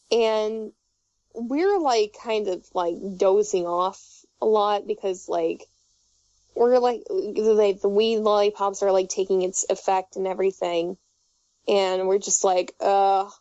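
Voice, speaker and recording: A woman's voice: medium pitch, measured pace, warm tone, no echo. A young woman chatting casually, telling rambling, giggly stories full of fillers and restarts. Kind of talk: casual chat. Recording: dull muffled audio.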